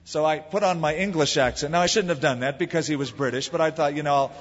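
A man's voice: on the high side, fast, slightly rough. A man from the United States preaching a sermon, telling the story in a conversational, storytelling way and leaning into the quoted lines. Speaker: pastor. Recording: lo-fi recording in a reverberant hall.

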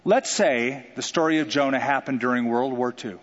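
A man preaching a sermon in an animated way, joking and acting out quotes. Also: medium pitch, normal speed. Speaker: pastor. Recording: dull sound with long hall reverb.

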